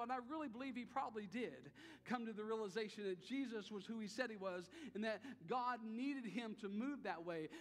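A man's voice: sits high, long reverb tail. A man preaching a sermon as pastor, talking in a conversational way and repeating phrases for emphasis. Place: church sanctuary.

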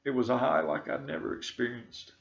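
A man's voice: mid-range voice, steady tone, fairly quick, creaky. A middle-aged pastor, a man, earnestly telling his conversion story and quoting the people in it. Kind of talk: spoken testimony. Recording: dull lo-fi recording.

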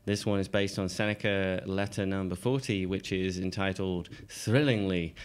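Male podcast co-host, hoarse with a cold, deep and croaky, jokey rambling chat. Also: fairly even intonation, normal speed. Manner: joking, laughs often, rambling asides.

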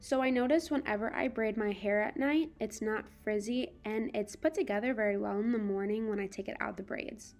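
A woman's voice: medium pitch, a little fast, hardly any pauses, darkish tone, soft background music. A young woman chatting casually in a beauty vlog, talking to the camera with fillers and small laughs. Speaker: beauty vlogger.

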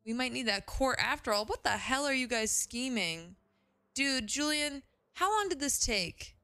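A young woman streaming a game, chatting casually and gushing with excitement, often exclaiming and swearing. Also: high-pitched, a little slow, no echo. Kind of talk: casual live gaming commentary.

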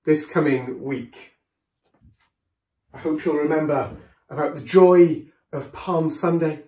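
Gentle man telling a children's story, echoey room. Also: a little high, slow pace. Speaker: school worship leader.

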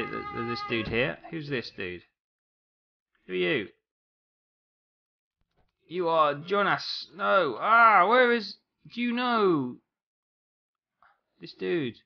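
A man's voice: fairly high pitch, vocal fry, dull audio. A man giving casual let's-play commentary, rambling as he talks to game characters and apologizes to them. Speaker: gameplay commentator.

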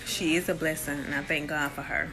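A woman's voice: low-pitched, flat delivery, brisk, music in the background. A young adult mother chatting in playful sing-song baby talk to her little ones on a phone live stream. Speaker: mother livestreaming with her babies.

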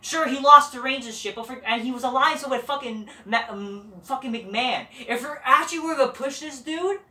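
Brief: woman host, casual profane rant, bright edge, distant mic. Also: high voice, a little fast, roomy sound. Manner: heavy swearing, rambling, frequent "you know". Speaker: channel host.

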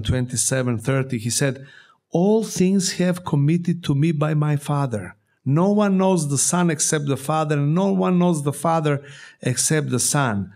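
Man, preacher, sermon, earnest exhortation, mid pitch. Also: a little mellow. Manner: earnest exhortation with short repeated commands. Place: church service.

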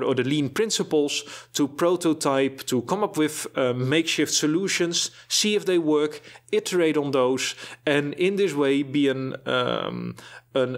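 A man's voice: mid-range voice, fairly bright tone. A man presenting a professional training webinar, explaining carefully with frequent fillers and repeated words.

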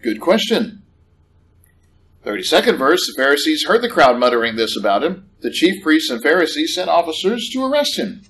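A man preaching a sermon in a church, conversational and animated, rising in pitch on questions. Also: normal speed, a little hiss or hum, low-quality recording. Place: church hall.

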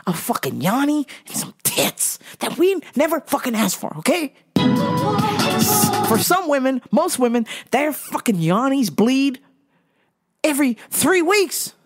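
A woman's voice: sits high, a little slow, breathy edge, faint music behind. A woman hosting her own show, delivering a profane comedic rant. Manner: profane, animated ranting. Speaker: vlog host.

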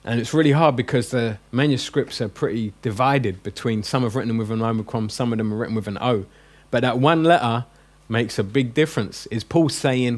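A man teaches a room full of adult learners. He keeps a chatty, joking tone and slows down to drill each sound. His pitch sits in the middle range. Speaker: Greek teacher. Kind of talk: classroom lesson. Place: classroom with a group.

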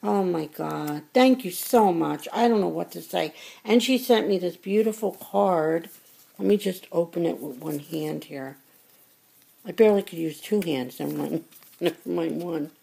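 Gravelly-voiced woman gushing over fan mail. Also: on the low side, measured pace, mellow. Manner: effusive and grateful, gets choked up. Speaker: vlogger opening fan mail. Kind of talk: casual chat to camera.

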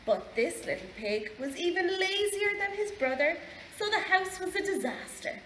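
A woman with an Irish accent reading a picture book aloud to children in a library, slow and expressive. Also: very high voice. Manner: slow, expressive, lively storytelling. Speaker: library storyteller. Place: library room. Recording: echoey library room, faint background noise.

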